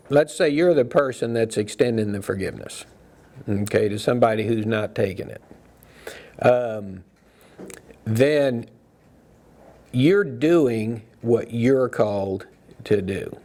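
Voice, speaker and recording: A man leading a Bible study, talking in a reflective, loose way with frequent pauses and restarts. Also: mid-range voice, a little mellow. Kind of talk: casual teaching talk.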